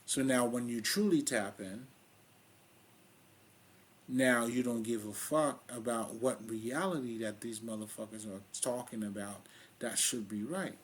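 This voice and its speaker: Haitian-accented male host, mid-pitched husky voice, raw and profane, preaching street wisdom off the cuff. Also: measured pace. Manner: blunt, profane, streetwise and emphatic. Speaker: spiritual video host. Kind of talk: casual spiritual monologue.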